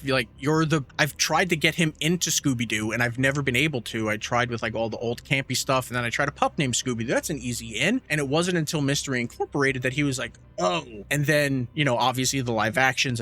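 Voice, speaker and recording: Talking quickly with few pauses in a medium-pitched voice, a man co-hosting a podcast animatedly recounts a story, cursing a lot and performing the quotes in casual chat.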